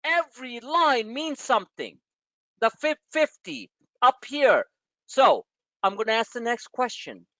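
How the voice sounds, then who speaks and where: A man from New York, host of a trading webinar, delivers a frustrated, foul-mouthed lecture to his class in a live rant. His very high, somewhat bright voice moves a little slowly but stays animated, swinging up and down. The sound is dry with no echo, muffled and lo-fi.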